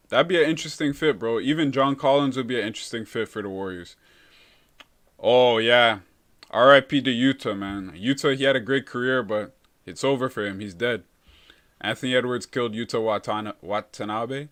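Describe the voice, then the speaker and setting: A young man hosts a relaxed live stream, answering viewer comments in loose, easygoing chat. His pitch sits in a normal middle range for a man. He talks in a laid-back way and drops "bro" into almost every thought. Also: moderate pace. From Canada.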